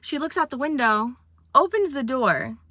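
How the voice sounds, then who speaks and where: A woman's voice: high voice, animated, normal speed, bright, forceful tone, dry recording, clean studio sound. A young woman in her twenties telling a funny dating story in casual chat, with dramatic retelling and sudden acted quotes.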